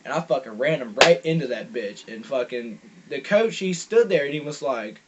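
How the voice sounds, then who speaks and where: Casual vlogger, male, a bit high-pitched, swears a lot, rambles, on a muffled lo-fi mic. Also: expressive, moderate pace. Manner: rambling, profane, many fillers and restarts. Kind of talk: casual storytelling monologue. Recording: dull lo-fi recording.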